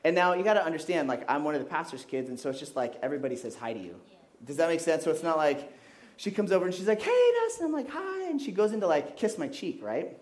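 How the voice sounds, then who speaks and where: Animated youth pastor who grew up in Kenya. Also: male voice, fairly high pitch, fast talker. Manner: animated storytelling, jokey asides. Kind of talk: sermon.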